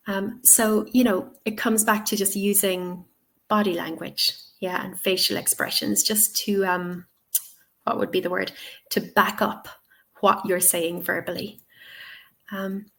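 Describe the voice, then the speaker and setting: A woman's voice: mid-range voice, a bit bright. Chatty woman teacher on a webinar. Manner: chatty and encouraging, many ums and okays. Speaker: TEFL trainer answering webinar questions. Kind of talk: live webinar Q&A. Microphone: webcam on video call.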